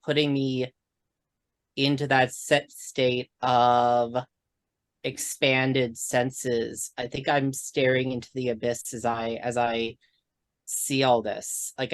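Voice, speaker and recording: Unhurried tabletop player, halting, restarts a lot. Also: medium pitch, no echo. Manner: halting, repeats words. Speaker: player voicing August. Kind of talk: tabletop role-play.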